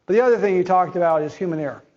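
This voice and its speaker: A man's voice: high voice, very fast, darkish tone, muffled recording. A man giving a conference talk as a chief medical officer, blunt and conversational with slangy asides.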